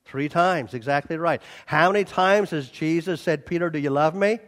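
A man preaches a sermon with a high voice, reading scripture in an even tone before swelling loudly on quoted lines and appeals to the listeners. The sound carries a long reverb from a large church hall. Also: moderate pace. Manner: animated preaching, surging loud on quotes and appeals. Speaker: pastor.

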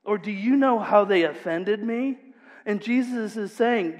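Speaking a little slowly, a pastor with a fairly high voice tells stories in a lively sermon, his voice ringing with a long reverb through a church hall. He swings between casual asides and emphatic points.

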